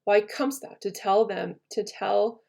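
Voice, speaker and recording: A woman's voice: medium pitch, unhurried, vocal fry, a little mellow. Ghost of a murdered Roman ruler, read by a woman. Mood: ominous. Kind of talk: reading a play aloud.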